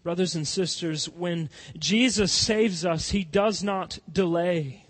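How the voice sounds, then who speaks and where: A man preaching a sermon as pastor, swinging from loud impassioned cries to soft, hushed pleading. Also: high voice, slow, hardly any pauses.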